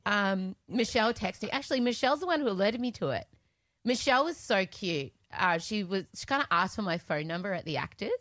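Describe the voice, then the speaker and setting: A woman's voice: medium pitch, expressive, a little fast, a bit bright, dry recording. A middle-aged Australian woman co-hosting a podcast, chatting and gossiping with frequent laughs. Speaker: podcast co-host. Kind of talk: casual chat.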